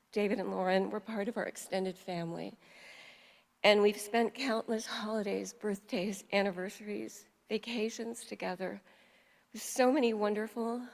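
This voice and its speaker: An older woman from New York giving a heartfelt memorial eulogy as a family friend, telling stories at a measured pace. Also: mid-range voice, creaky. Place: memorial service hall. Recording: long reverb of a hall.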